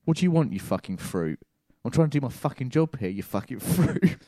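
A hostile, foul-mouthed bin man snarls at whoever interrupts his work, put on by a man telling a comic story. The voice is a shade lower and rougher than everyday talk. The sound is dry and close. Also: big pitch swings, a little fast, warm tone, dry recording. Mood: contemptuous. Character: rude gruff male bin man, sweary and hostile.

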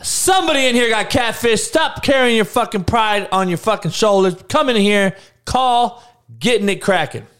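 A man's voice: high-pitched, normal speed, a bit bright, clean tone. A male livestream host ranting to his live chat, profane and rambling, with many restarts. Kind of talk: casual unscripted rant to a live chat.

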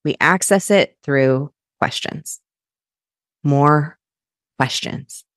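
A woman's voice: sits low, very slow, no room sound, studio quality. A young adult woman hosting a podcast, talking casually and earnestly about mindset and breathwork, often laughing between her points. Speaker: podcast host and breathwork coach. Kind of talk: casual motivational talk.

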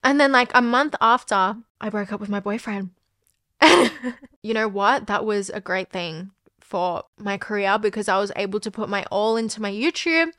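A woman's voice: mid-range voice, moderate pace, fairly bright tone, no echo, studio quality. A young woman, hosting a podcast and telling a personal story in a candid, chatty way, full of "like" and the odd swear word. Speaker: podcast host.

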